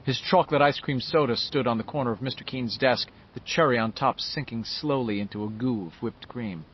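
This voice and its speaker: A man narrating a novel in an expressive storytelling manner. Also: mid-range voice, fairly quick, highs cut off, slight background noise. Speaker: audiobook narrator. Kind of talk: scripted narration.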